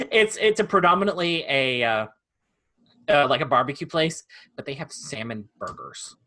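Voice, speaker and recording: A young man co-hosting a podcast, telling a story in a casual, animated way with frequent laughter and restarts. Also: on the high side, normal speed. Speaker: podcast co-host.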